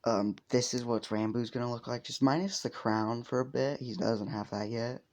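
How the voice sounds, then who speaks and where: A man's voice: medium pitch, fairly even intonation, normal speed, darkish tone. A man casually telling a fan story, rambling with lots of fillers and swearing.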